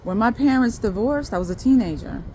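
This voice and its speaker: A woman's voice: a little high, animated, fairly quick, warm tone, a little hiss or hum. A woman telling a personal faith testimony straight to her viewers in casual talk, rambling, restarting and repeating words as she goes. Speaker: faith video creator.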